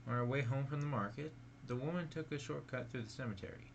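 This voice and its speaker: A man's voice: medium pitch, quick pace, creaky, muffled recording, slight background noise. A man reading spooky stories aloud in a casual way, stumbling and correcting himself. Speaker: reader.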